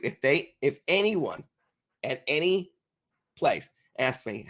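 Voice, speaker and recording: A man's voice: mid-range voice, unhurried. A man co-hosting a business podcast, telling anecdotes in casual chat and acting out the voices of the people in them. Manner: animated, acts out voices in anecdotes. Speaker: podcast co-host.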